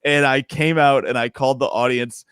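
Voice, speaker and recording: A young man, a stand-up comedian, chatting casually on a podcast, animated and laughing often. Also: medium pitch, normal speed, clean tone, no echo, studio quality.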